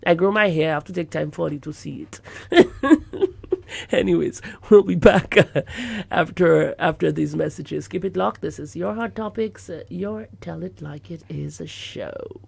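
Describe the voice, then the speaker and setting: A woman's voice: lowish voice, animated, measured pace, vocal fry, a little mellow, slightly rough. A woman hosting a radio show, teasing and laughing often. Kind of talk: casual radio chat.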